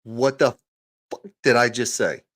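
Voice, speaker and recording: A man's voice: medium pitch, unhurried, a bit bright. A man giving casual live commentary on a podcast clip, profane and sarcastic, with laughing asides. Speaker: streamer reacting to a podcast clip.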